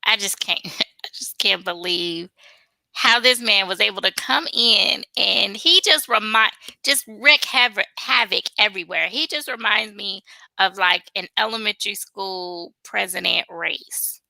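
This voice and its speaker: A woman's voice: mid-range voice, a little slow, gravelly, pushed and bright, no echo. A woman co-hosting a podcast in casual chat, wry and exasperated. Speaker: podcast co-host.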